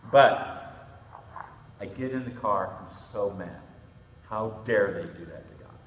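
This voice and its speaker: A middle-aged man preaching to a youth group, telling a story with animated, acted-out quotes. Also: lowish voice, measured pace, far from the mic. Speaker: pastor. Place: church hall. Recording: echoey hall with faint ambience.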